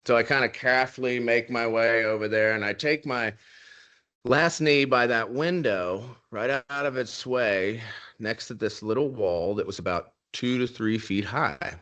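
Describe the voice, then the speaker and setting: A man's voice: medium pitch, unhurried, fairly bright tone, dull audio. A man, a military veteran, candidly telling a personal story with wry humor about grim events. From United States.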